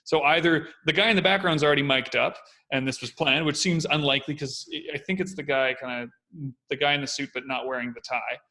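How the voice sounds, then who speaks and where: A man co-hosting a casual chat, explaining in an animated way, step by step. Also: a little high, brisk. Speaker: co-host.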